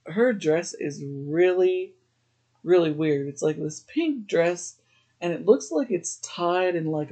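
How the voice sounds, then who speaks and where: A man's voice: on the high side, creaky, warm tone, breathy edge. Chatty man recapping a TV episode. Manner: chatty, laughs often, uses "like" a lot. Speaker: podcast host.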